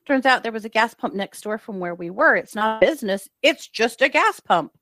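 A woman's voice: fairly high pitch, fairly quick, no room sound, clean studio sound. Woman retelling a road-trip story. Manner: lively retelling with acted-out quotes. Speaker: true crime podcast co-host. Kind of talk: casual storytelling chat.

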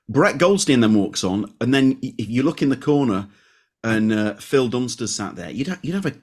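A man co-hosts a comedy podcast in a relaxed, chatty way. His voice sits at an ordinary middle pitch, and he reads listener emails aloud with self-deprecating asides. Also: moderate pace. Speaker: podcast co-host. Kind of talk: casual podcast chat.

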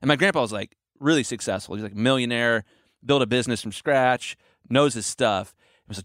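A man's voice: mid-range voice, a little fast, fairly bright tone, no room sound, clean studio sound. A man being interviewed on a podcast, telling his story casually and enthusiastically. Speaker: podcast guest, mastering engineer.

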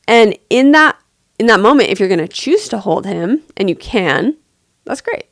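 A woman on a podcast answering a listener's parenting question in a gentle, empathetic way, pausing to think aloud as she talks. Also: mid-range voice, lively intonation, no echo, studio quality.

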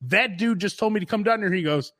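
A man, co-hosting a casual comedic chat show, telling an animated story full of acted-out quotes and frequent laughter. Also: sits high, quick pace. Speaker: podcast host.

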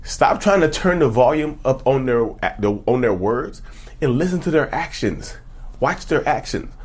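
A man's voice: mid-range voice, lively intonation, a little slow, breathy edge. A man talking casually to camera as a self-help YouTuber, emphatic and preachy, firing off rhetorical questions. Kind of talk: casual direct-to-camera advice talk.

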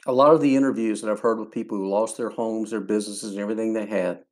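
A man's voice: on the low side, fast talker. Earnest man telling a faith story. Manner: earnest, animated storyteller acting out quotes. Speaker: podcast host.

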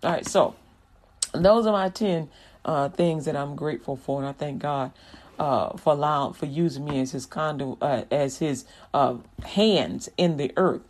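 A woman's voice: sits low, normal speed, a little mellow. A woman minister preaching casually, folksy and direct, acting out examples and laughing often.

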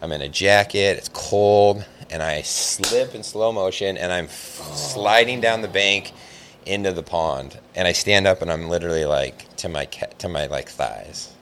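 A man with a very low, deep voice spins a long, rambling fishing yarn in easygoing conversation. He leans on "like" constantly and gets animated as the story builds. A faint hiss of background noise sits under the recording. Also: unhurried. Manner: rambling, animated, heavy use of "like". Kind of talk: casual storytelling chat.

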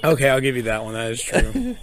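A man's voice: mid-range voice, very animated, fairly quick, very noisy. A man, a podcast co-host in casual chat, teasing and swearing at his friend. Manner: teasing, profane banter. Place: front porch, outdoors.

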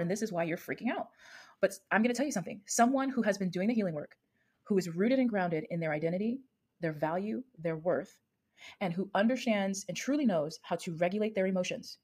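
A woman's voice: mid-range voice, a little mellow. A woman in her thirties hosting a solo podcast as an emotional coach, talking earnestly and often rephrasing herself.

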